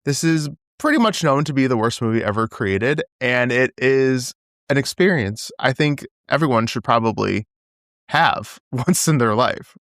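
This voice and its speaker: A man co-hosting a podcast in casual chat, animated and quick to laugh. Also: mid-range voice, no room sound, studio quality. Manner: animated, chatty, laughs easily. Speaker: podcast co-host.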